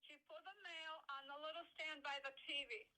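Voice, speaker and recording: Woman, very high sharp voice, defensive and fed up. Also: steady tone, brisk, rough recording. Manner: defensive, exasperated. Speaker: relative on a phone call. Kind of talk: heated argument.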